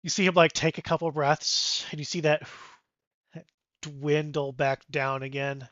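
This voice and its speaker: A man runs a tabletop game as game master, telling the scene slowly with a bright, forceful voice and bursts of sound effects. The recording is dull and lo-fi, with a dry, close sound. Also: fairly high pitch, no echo. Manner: animated storytelling with sound effects.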